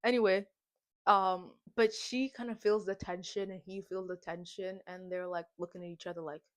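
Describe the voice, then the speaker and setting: A woman's voice: fairly low pitch, level tone, normal speed. A young adult woman vlogging a casual movie recap and reaction, slangy and dramatic, with comic asides.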